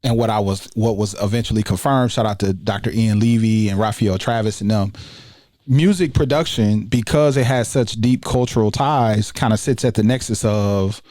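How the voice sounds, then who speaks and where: A man, talking in a relaxed, casual way as a guest on a podcast interview. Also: on the low side, moderate pace, dry recording, clean studio sound. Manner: relaxed, conversational, many fillers. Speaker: guest, education researcher.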